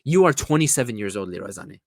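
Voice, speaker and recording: A man's voice: lowish voice, expressive, fast, creaky, no room sound, studio quality. Profane man ranting about football. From California. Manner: profane, mocking, blunt. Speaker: football reaction vlogger. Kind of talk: casual ranting reaction.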